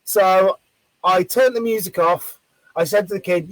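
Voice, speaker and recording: A man who works as a street performer, telling a story in casual chat, animated and swearing freely. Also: high voice, unhurried, no room sound, low-quality recording. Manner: animated, acts out quoted voices loudly.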